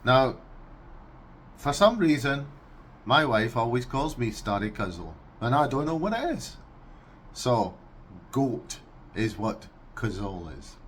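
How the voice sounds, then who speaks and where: A Scottish man vlogging casually, unhurried and amused, breaking into animal noises. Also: mid-range voice, big pitch swings, fairly bright tone, slight background noise. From Scotland. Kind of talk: casual explainer vlog.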